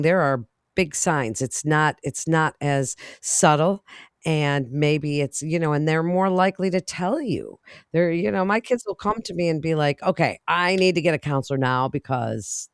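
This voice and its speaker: A woman's voice: deep voice, a little slow, smooth, no echo, studio quality. A woman in her fifties hosts the interview, framing her questions at length in a friendly way. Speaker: host.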